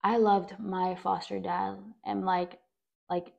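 A woman's voice: mid-range voice, flat delivery, takes it slowly, creaky, lo-fi sound. A young woman hosting a podcast, telling a personal story in a rambling way with many fillers. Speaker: podcast host.

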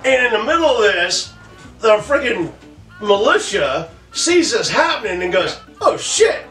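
A man's voice: sits high, big pitch swings, unhurried, a bit bright, far from the mic. A man co-hosting a history podcast, chiming in with profane jokes in casual banter. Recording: echoey room, off-mic, faint music.

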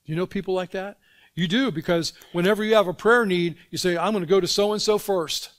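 A pastor delivers a sermon in a church. He has a notably high speaking voice for a man. He talks in a conversational way, asking the congregation questions and answering them himself. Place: church sanctuary.

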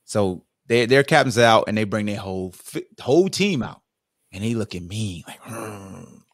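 Podcast guest, man from Virginia, low voice, lively storyteller who acts out what people said. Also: moderate pace, dry recording, clean studio sound. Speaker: podcast guest, former football player. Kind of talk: casual storytelling interview.

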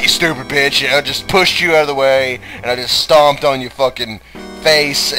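A young man giving loud, profane let's play commentary with frequent laughing outbursts. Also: on the low side. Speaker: let's player.

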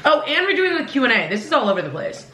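A woman's voice: high-pitched, very animated, fast talker, pushed and bright. A young woman in her twenties hosting a casual food vlog, chatty and bubbly, laughing often. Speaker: vlogger host. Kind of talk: casual mukbang vlog chat. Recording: echoey room, faint noise.

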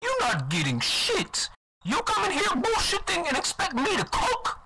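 A man's voice: very high voice, wildly swooping pitch, normal speed, creaky, bright, forceful tone, slight background noise, pitched above the performer's own voice, exaggerated voice. A man voicing a rude male pizza chef who throws in mock-Italian exclamations, crude and taunting, for a comedy skit.

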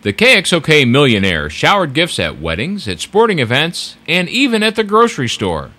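Bright, expressive documentary narrator man. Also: fairly high pitch, normal speed.

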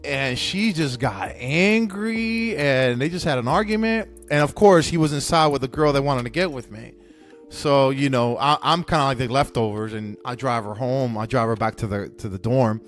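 A man's voice: mid-range voice, moderate pace, fairly bright tone, soft background music. A young man hosting a podcast, telling a candid, profane story with many restarts. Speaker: podcast host. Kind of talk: casual storytelling monologue.

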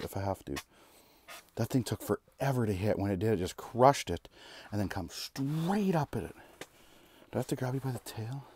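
A man giving excitable live commentary while ice fishing from a shelter on a frozen lake, with bursts of cheering and repeated exclamations. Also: fairly low pitch, slight background noise. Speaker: fishing vlogger.

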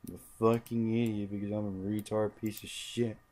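Low-voiced young man, cursing gameplay commentary. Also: flat delivery, moderate pace, dark tone. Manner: frustrated, swears constantly, mutters to himself. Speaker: gaming channel host. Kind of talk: let's play commentary.

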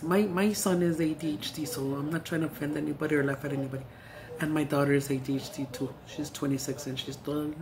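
A woman's voice: sits low, darkish tone. A middle-aged woman vlogger chatting casually while eating, telling stories in a salty, profane, giggly way.

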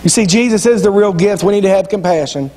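High-voiced pastor in echoing church. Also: male voice, fast talker, darkish tone. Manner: folksy storytelling preacher, repeats phrases, drops into quoted voices. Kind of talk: sermon. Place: church sanctuary. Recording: long church reverb.

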